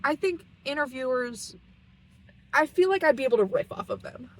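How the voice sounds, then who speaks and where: A woman's voice: high-pitched, lively intonation, moderate pace, low-quality recording. A young woman chatting to camera from her parked car, rambling and self-deprecating with giggles. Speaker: vlogger. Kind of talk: casual rambling monologue.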